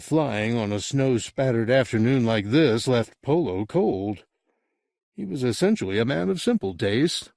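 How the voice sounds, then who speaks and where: Slow expressive male audiobook narrator. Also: medium pitch, vocal fry, no room sound, clean studio sound. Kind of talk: scripted narration.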